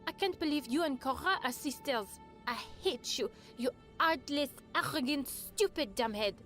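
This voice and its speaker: A woman voicing a sweet, gentle French teenage girl in an animated story, with a French accent. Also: sits high, moderate pace, faint music behind. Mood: furious.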